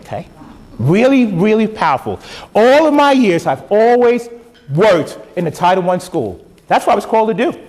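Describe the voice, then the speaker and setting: A man's voice: sits high, big pitch swings, normal speed, a little mellow. A man giving a motivational speech to educators, emphatic and preacherly, with lots of repetition.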